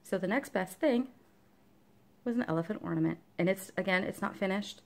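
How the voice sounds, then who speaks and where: A woman's voice: medium pitch, fairly quick, a little mellow. A woman chatting casually in a show-and-tell vlog about her stitching, rambling along with lots of fillers. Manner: talks to her dog between topics. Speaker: cross-stitch vlogger.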